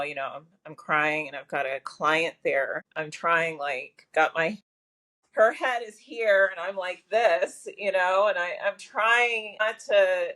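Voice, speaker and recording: Chatty lady on a podcast, kinda low voice, lots of ums and you knows. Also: a bit bright. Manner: talkative, lots of fillers and restarts. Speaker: guest, massage therapist. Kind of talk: personal storytelling in a podcast interview.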